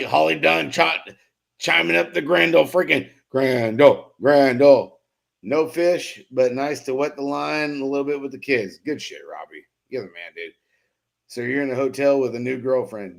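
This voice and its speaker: Hosting a BMX live stream, this man has an animated, mid-range voice that is creaky and a bit bright, at normal speed. He jokes profanely, laughs frequently, and reads out chat comments while loosely teasing chatters by name.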